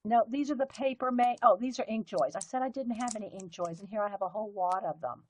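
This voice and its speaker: A woman's voice: mid-range voice, fast talker, poor audio. A woman, chatting casually on a live stream while sorting and showing her pens. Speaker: livestream host.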